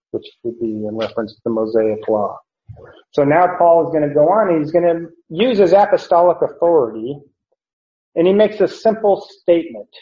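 A man teaching through a Bible passage verse by verse, explaining deliberately and pausing often to correct himself. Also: medium pitch. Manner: slow, deliberate explanation with frequent "uh" and self-corrections. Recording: roomy, dull lo-fi recording.

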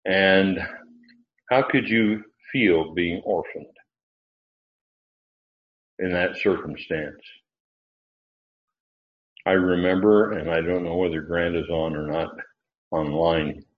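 Deep-voiced man teaching a Bible lesson. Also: steady tone, takes it slowly, pauses often, highs cut off. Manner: conversational, thinking aloud with fillers and restarts. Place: class with online listeners.

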